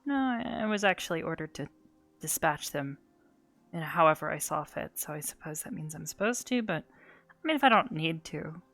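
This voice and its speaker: Brief: weary woman healer in roleplay, low gravelly voice, dry sound. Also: animated, moderate pace, dry recording, soft background music. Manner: tired, soft-spoken. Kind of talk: in-character roleplay.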